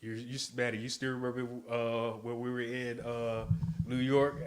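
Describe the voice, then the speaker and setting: A man chatting casually on a podcast, recalling stories in a halting way full of fillers. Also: mid-range voice, level tone, slight background noise. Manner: halting, filler-heavy recollection.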